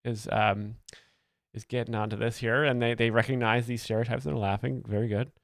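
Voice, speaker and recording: A male host gives satirical commentary in a deadpan, mock-earnest tone, with plenty of ums and uhs. His voice sits at a middle pitch. The sound is close and dry. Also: brisk, gravelly, no room sound. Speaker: comedy video host.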